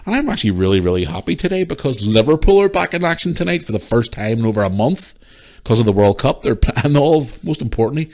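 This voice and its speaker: A young man, hosting a podcast and telling a story in an animated, swearing rant. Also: mid-range voice, fast talker. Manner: animated ranting, swears freely. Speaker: podcast host. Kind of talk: casual storytelling monologue.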